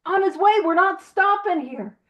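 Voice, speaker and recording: A woman leading a recovery study over a video call, animated and self-teasing, asking question after question. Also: extremely high pitch, moderate pace, low-quality recording.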